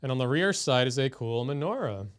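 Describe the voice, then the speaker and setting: Deadpan man in mock-serious show-and-tell. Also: medium pitch, a little fast, clear, resonant tone. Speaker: guest. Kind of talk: casual live-stream chat.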